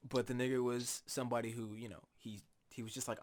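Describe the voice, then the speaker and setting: A young man co-hosting a casual podcast, telling stories in a lively way, laughing and swearing often. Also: mid-range voice, a little fast, noisy background. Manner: animated storytelling, swears often, laughs a lot. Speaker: podcast co-host.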